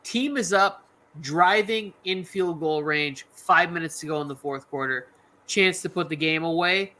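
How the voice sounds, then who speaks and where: A man hosting a sports watch party stream, chatting casually and rambling excitedly, a bit tipsy from drinks. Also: measured pace. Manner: excitable and rambling, jumps into high exclamations.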